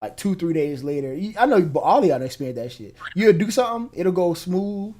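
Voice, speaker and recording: A man talking fast in loose, profane podcast chat. His pitch sits a little high and swings widely. He acts out both sides of quarrels as he goes. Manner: animated, slangy and profane, acts out quoted exchanges. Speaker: podcast co-host. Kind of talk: casual chat.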